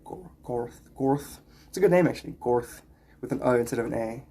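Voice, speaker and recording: A man's voice: medium pitch, a little fast, dark tone, husky. Rambling, chatty man on a livestream. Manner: rambling and chatty, greets viewers by name. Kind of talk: casual livestream chat with viewers.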